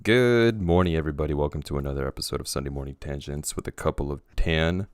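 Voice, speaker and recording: A very deep-voiced man hosts a laid-back podcast chat, teasing his co-host and leaping up in pitch for emphasis. The sound is dry and close, with no room around it. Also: level tone, rapid-fire, dry recording. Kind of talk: casual chat.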